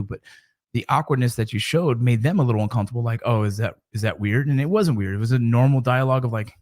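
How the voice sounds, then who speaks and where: A man's voice: medium pitch, quick pace, darkish tone. A middle-aged man and father talking casually to camera about mentoring, in a rambling, conversational way with frequent restarts.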